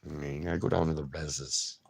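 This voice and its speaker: A man's voice: very deep voice, steady tone, a little fast, gravelly, darkish tone, slightly rough. A man hosting a casual livestream, chatting loosely and answering viewer comments by name. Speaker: livestream host.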